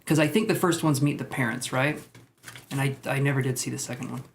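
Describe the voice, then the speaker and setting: In a mid-range, steady voice with vocal fry, a tarot reader talks a little fast on his live stream, and there's a little hiss or hum. He chats loosely between cards, joking and drifting into asides with viewers.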